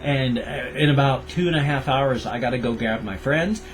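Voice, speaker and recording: A man's voice: mid-range voice, moderate pace, a little hiss or hum. An older American man rambling in a casual daily vlog, tender and repetitive as he talks about his pets. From United States. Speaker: vlogger.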